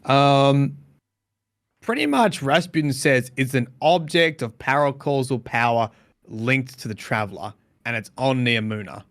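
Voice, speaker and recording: A man talking casually on a podcast, working through ideas as he goes with lots of "like" and "you know". His voice sits at a middle pitch and sounds close and dry, with little room sound. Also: lively intonation, a little slow, a bit bright, no room sound. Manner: speculative, hedging with fillers. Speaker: podcast co-host. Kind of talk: casual chat.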